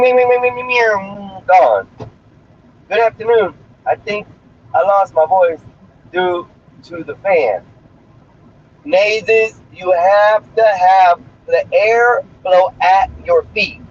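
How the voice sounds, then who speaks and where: A man chatting casually on a livestream while driving, talking in a brash, crude, rambling way. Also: sits high. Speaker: streamer. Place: inside a moving car. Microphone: phone. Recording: muffled sound with faint road noise.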